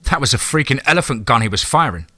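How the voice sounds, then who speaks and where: A man's voice: mid-range voice, expressive, quick pace, pushed and bright, dry recording. A man voicing a determined teenage boy who speaks urgently and earnestly. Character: determined teenage boy, steady under pressure.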